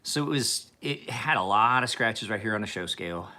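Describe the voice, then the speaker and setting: A man's voice: lowish voice, animated, normal speed, pushed and bright. A man who sharpens and refinishes knives, chatting casually and profanely with viewers on a livestream. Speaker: knife sharpener.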